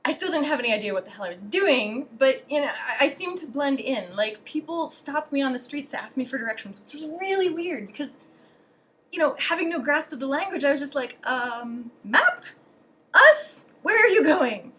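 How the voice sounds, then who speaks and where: A woman's voice: high voice, expressive, brisk, a little hiss or hum. A young adult woman vlogger telling stories in a casual way, sarcastic and profane, with lots of fillers. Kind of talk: casual storytelling.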